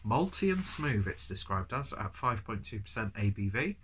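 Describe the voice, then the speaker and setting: A man's voice: lowish voice, very animated, moderate pace, fairly bright tone, slight background noise. Stuffy-nosed man rambling through a review. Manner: rambling, chatty, self-deprecating. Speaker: beer reviewer. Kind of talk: casual review vlog.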